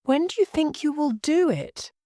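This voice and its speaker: A curious, polite young girl from a storybook, as a woman reading aloud puts her on. Her voice sits higher than the narration, and her questions come out puzzled and well-mannered. The recording is close and dry. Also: very animated, normal speed, mellow, no echo.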